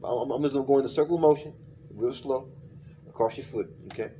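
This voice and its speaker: A man chatting casually as a street interviewer, coaxing and reassuring, counting out loud as he works. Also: medium pitch, fast talker, a little hiss or hum. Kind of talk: casual chat. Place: outdoors in public.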